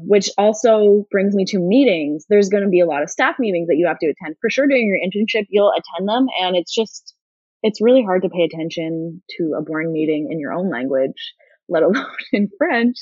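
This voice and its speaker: A woman speaking as an interviewee in casual chat, talking in a fast-flowing way full of "like" fillers. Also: mid-range voice, animated, darkish tone, slightly rough, dry recording. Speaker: interviewee, former education student. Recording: dull, lo-fi recording.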